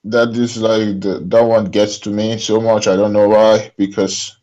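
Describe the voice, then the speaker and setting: A man's voice: fairly low pitch, flat delivery, unhurried, warm tone, lo-fi sound. A man from Nigeria calling in, speaking hesitantly with many fillers and restarts. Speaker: caller. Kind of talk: call-in conversation.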